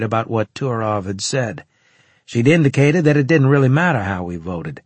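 Husky male audiobook narrator. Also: medium pitch, animated, normal speed, dry recording. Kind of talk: first-person audiobook narration.

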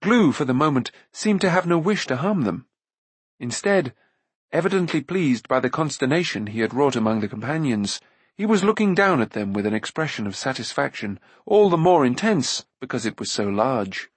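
Male audiobook narrator, husky, expressive reading, dry studio sound. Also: mid-range voice, no echo. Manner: expressive, measured storytelling. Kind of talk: scripted narration of a fantasy novel.

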